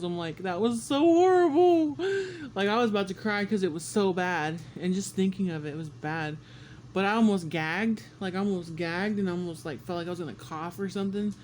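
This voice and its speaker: A man vlogging a casual story about being sick, animated and swearing often, acting out what people said. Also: high-pitched, slight background noise. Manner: animated, swears often, acts out quotes with squeals. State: congested and sick.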